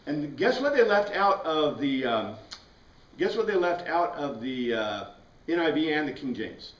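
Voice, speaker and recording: A man teaching a Bible class leads an informal, relaxed study at an unhurried pace, drifting into asides and restarts before returning to the passage. His voice is a little high for a man. The mic sits at a distance in an echoey room, giving a roomy sound.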